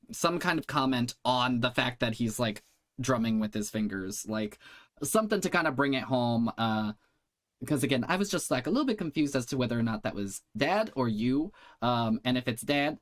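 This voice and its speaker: A man's voice: medium pitch, lively intonation, normal speed. Rambling man giving comedy feedback. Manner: rambling, hedging with uh and like. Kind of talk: casual feedback chat.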